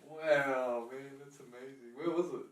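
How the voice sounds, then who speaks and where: A man co-hosting a casual podcast who reacts to a story with quick comments and questions. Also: mid-range voice, steady tone. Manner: reacts with short comments and asks follow-up questions. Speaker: podcast co-host. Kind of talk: casual chat. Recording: roomy, mic distant, faint noise.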